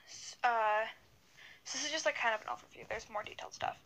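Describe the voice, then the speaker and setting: Young woman podcast co-host, bright and a bit high, chatty and rambling, on a video call. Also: fast talker, gravelly, poor audio. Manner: rambling, many fillers and restarts. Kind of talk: casual storytelling chat.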